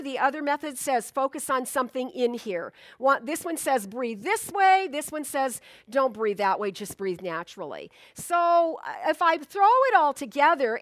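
A woman's voice: high-pitched, a bit bright, no echo, clean studio sound. A middle-aged woman minister giving a sermon in a conversational, storytelling way, acting out little asides.

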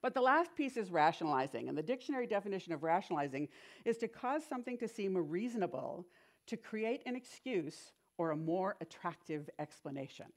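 A woman giving a sermon in a chatty, animated storytelling manner, with frequent asides. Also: lowish voice, a little fast.

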